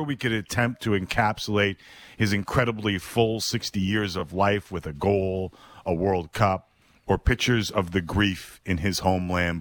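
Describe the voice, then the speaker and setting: Man, podcast host, scripted narration, reflective, measured, low voice, dry close mic. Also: fairly bright tone, no room sound.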